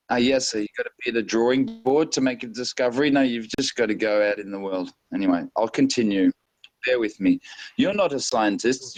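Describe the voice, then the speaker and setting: A man in a casual online hangout, reading passages aloud and breaking off to mock them. His voice is mid-pitched and sits in a dry, close sound. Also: no echo, low-quality recording. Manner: mocking, reads quotes aloud with sarcastic asides. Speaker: hangout participant.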